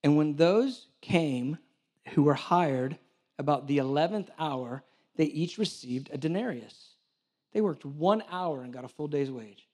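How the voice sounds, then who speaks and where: Man, preacher, lively storytelling sermon, slightly high voice. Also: a little slow. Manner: animated storytelling, acts out dialogue, jokes with the congregation. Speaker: church director preaching.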